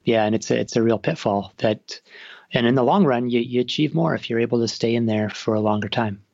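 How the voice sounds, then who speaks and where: A Canadian man with a mid-range, creaky, darkish voice talks briskly as an author guest in a casual interview. He's chatty and keeps interrupting himself to restart sentences, and the recording sounds dull and dry.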